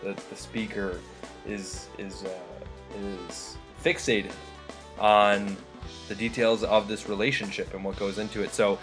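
A man introducing a magazine issue as one of its editors, talking in a halting way with many fillers and restarts. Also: fairly low pitch, level tone, music in the background. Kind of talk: casual spoken introduction.

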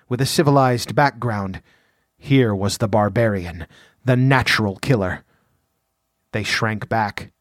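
Man narrating an action book, measured and vivid, no room echo at all. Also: mid-range voice, clean studio sound. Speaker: audiobook narrator. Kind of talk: dramatic audiobook narration.

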